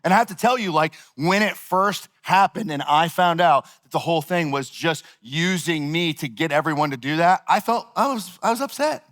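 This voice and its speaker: A man preaching a sermon, telling a personal story in a casual, animated way with lots of filler words. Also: a little high, moderate pace, few pauses. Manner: animated, conversational, heavy use of "like". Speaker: pastor.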